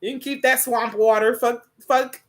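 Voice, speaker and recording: A woman's voice: on the high side, steady tone, normal speed. Profane, laughing young woman tarot reader. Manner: blunt, profane, laughs loudly and often; casual slangy talk. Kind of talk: live-stream tarot reading.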